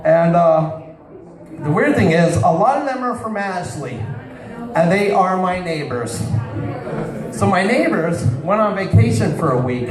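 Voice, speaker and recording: A man's voice: high voice, lively intonation, a little slow, long pauses, over music. A man doing a crude stand-up set in a bar, telling stories and calling out to people in the crowd. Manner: crude, storytelling, talks to the crowd. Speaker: stand-up comedian. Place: bar with live audience. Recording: roomy bar sound, distant mic, crowd noise.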